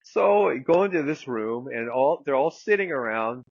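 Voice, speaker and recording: A man's voice: mid-range voice, lively intonation, moderate pace, vocal fry, no room sound, dull audio. A man guest telling a long story in casual, rambling talk, full of fillers and the odd swear word. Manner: rambling anecdote with many fillers and some swearing. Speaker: guest therapist.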